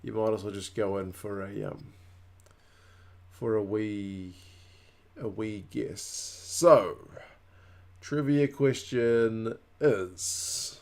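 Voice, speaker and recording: A man's voice: fairly low pitch, drawn-out words, pauses often. Chatty New man hosting a stream. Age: 30s. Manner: chatty, reacting to live chat comments. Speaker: livestream host. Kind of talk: casual watch-along chat.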